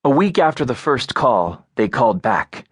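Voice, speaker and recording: A male audiobook narrator reading fiction in a measured, even delivery on a close studio mic. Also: mid-range voice, husky, no echo. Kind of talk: scripted narration.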